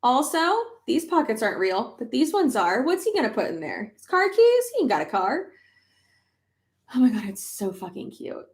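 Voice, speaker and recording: A woman's voice: on the high side, big pitch swings, moderate pace, darkish tone, roomy sound. A young woman chatting casually to viewers on a livestream, with lots of fillers and offhand swearing. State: pregnant. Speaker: YouTuber.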